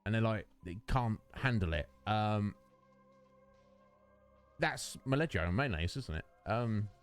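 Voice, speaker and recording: A man's voice: lowish voice, lively intonation, slow pace, soft background music. A man chatting with viewers while streaming a game, rambling and joking, answering chat by name. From United Kingdom. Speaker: Twitch streamer. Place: home streaming setup. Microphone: studio dynamic microphone.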